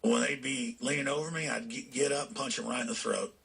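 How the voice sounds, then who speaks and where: A man hosting a talk show, delivering a fiery political rant that swings into shouting. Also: mid-range voice, steady tone, fast, vocal fry, husky.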